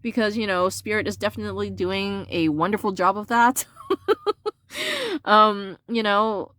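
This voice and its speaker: A woman's voice: measured pace, no room sound. Sassy, profane woman reading tarot. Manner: blunt, profane and sassy, lots of fillers; animated jumps into a higher pitch when indignant. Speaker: tarot reader. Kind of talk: casual tarot reading monologue.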